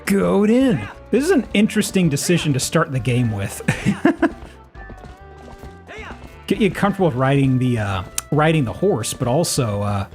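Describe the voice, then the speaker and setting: A man streaming a game live, chatting casually and playfully, with loud, sudden, high-pitched exclamations. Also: very animated, moderate pace, pauses often, soft background music. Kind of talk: casual live gameplay chat.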